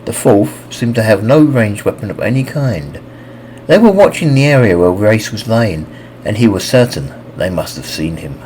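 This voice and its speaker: A man narrating a fantasy audiobook with expressive, scripted reading. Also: normal speed, a little hiss or hum, poor audio. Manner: expressive reading with lively pitch.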